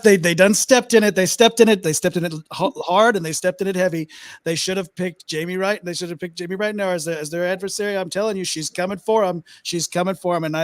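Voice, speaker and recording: A man's voice: high-pitched, no room sound, lightly acted. A man doing an impression of a blustering older male politician, repeating himself with boastful emphasis. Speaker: podcast co-host.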